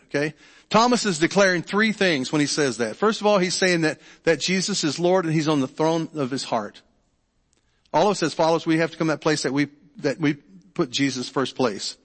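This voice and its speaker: Brief: middle-aged male pastor, fairly high voice, casual stop-start delivery, church hall reverb. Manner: conversational, repeats words, checks in with the congregation. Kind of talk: sermon. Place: church sanctuary.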